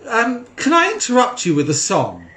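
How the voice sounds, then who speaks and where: A man hosting a crude late-night call-in show from home, deadpan and mocking. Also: very high voice, moderate pace. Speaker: host. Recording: echoey room.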